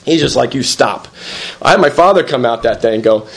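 A man's voice: mid-range voice, lively intonation, quick pace, creaky. A middle-aged man giving a candid personal testimony at a recovery meeting, rambling with many fillers and acting out what others said. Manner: rambling, full of "you know" fillers, acts out others in quotes. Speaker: speaker sharing his story at a recovery meeting.

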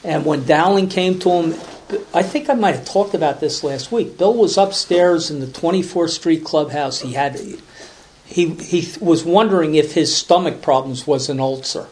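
Guy telling a story at a meeting, kinda high voice, rambles and repeats himself, little hiss behind. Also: moderate pace, darkish tone. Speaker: recovery meeting speaker. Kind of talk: casual storytelling talk.

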